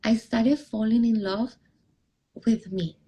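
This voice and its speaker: Speaking slowly with a slightly high, slightly rough voice over poor audio, a young adult woman tells a personal story. She's a relationship coach guesting on a podcast interview and animatedly acts out quoted lines in a raised voice.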